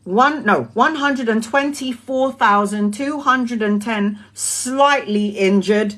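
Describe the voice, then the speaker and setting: A woman's voice: a little high, slow pace, a bit bright. A woman in her thirties telling a casual story and ranting about drivers, swearing freely and laughing often. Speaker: tarot livestream host.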